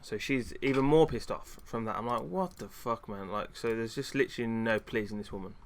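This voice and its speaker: A man's voice: mid-range voice, fairly quick, a little hiss or hum. A man streaming, chatting casually in a frustrated rant with lots of fillers and restarts. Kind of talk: casual chat.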